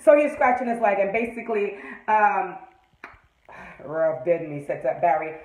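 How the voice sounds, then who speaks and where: A woman with a Jamaican accent reviewing a TV episode in a lively, profane, ranting way that breaks into shouts. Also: medium pitch, moderate pace, long pauses, echoey room, dull audio. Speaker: TV show reviewer. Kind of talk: casual video review.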